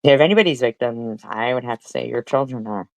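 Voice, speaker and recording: A woman's voice: extremely low pitch, brisk, gravelly, no room sound, poor audio. A middle-aged woman streamer, profane and mocking, talking back at a clip she is playing. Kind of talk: heated commentary over played clips.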